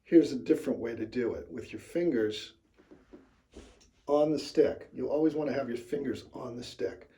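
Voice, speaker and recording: A man with a mid-range voice walks through a drumming technique in a casual lesson. He explains step by step in a loose, relaxed way, often pausing with fillers as he demonstrates. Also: mid-range voice. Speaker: drum teacher.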